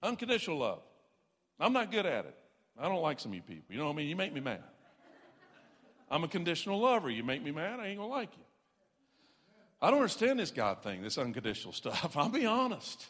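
A man's voice: a little high, wildly swooping pitch, quick pace, a bit bright. Emphatic folksy man preaching in a hall. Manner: folksy, self-deprecating, emphatic preaching with repeated "I'm telling you". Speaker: pastor. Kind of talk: sermon. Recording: long reverb of a large hall.

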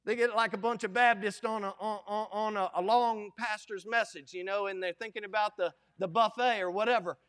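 A middle-aged man preaching a sermon as pastor, folksy and animated, acting out quoted lines. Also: high-pitched, brisk, hardly any pauses.

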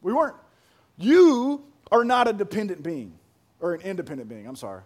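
A young man preaching a sermon as pastor, animated, repeating words and building to emphatic shouts. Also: sits high, moderate pace.

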